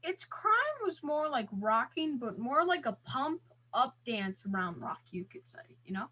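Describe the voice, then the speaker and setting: Bright, playful woman interviewer. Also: high voice, big pitch swings, normal speed, breathy edge. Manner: playful, teasing. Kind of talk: casual interview chat.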